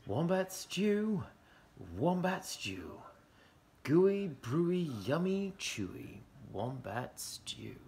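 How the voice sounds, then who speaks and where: A man's voice: medium pitch, huge pitch swings, takes it slowly, a little hiss or hum, voice pushed up. A man voicing a scheming male dingo cook in a storybook, boastful and sing-song.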